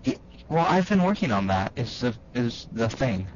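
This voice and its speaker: Young man, quiet hesitant podcast host, mid pitch, muffled sound. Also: sing-song, moderate pace, slight background noise. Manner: hesitant, soft-spoken. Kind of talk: casual chat. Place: small house, early morning. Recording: muffled, overseas call.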